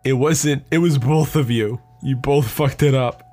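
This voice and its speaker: A man's voice: medium pitch, unhurried, a little mellow, soft background music. A young man hosting a solo podcast, rambling in a profane, offhand way and laughing at his own jokes. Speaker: podcast host. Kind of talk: casual solo podcast monologue.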